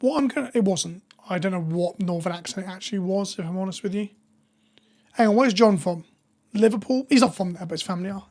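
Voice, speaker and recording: A woman with a hoarse voice, chatting casually with viewers on a live stream. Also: medium pitch, fast talker, darkish tone. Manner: chatty, reads viewer names and jokes with chat.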